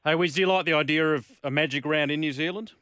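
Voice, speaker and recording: A male radio host speaks from a dry studio into a close mic. His voice is bright and forward, and he teases his guest in an easy, joking way while reading out texts. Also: fairly high pitch, quick pace, no room sound. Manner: relaxed, jokey, reads texts aloud. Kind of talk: casual sports radio chat.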